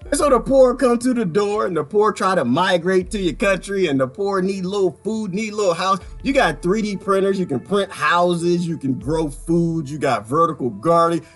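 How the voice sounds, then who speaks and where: A man talking casually to his viewers about politics, animated, often breaking into laughter and repeating his phrases. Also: high-pitched. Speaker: vlogger.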